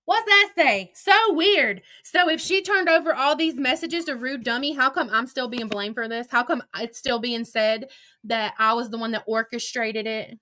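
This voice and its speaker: Woman ranting on her livestream, cussing a lot, calling out haters, sharp bright voice. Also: on the high side, normal speed. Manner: profane, combative, confrontational; talks to chat and absent critics directly. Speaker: livestream host. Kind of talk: heated livestream rant.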